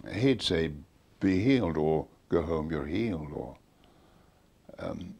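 Older man, low husky voice. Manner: earnest, animated retelling with emphatic quoted commands. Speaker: interviewee. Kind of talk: recounting stories in an interview.

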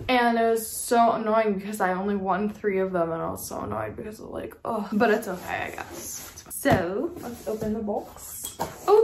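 A woman hosting a casual unboxing vlog, chatty and gushing, with lots of filler words. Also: medium pitch. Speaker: vlogger unboxing model horses. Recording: echoey room with faint background noise.

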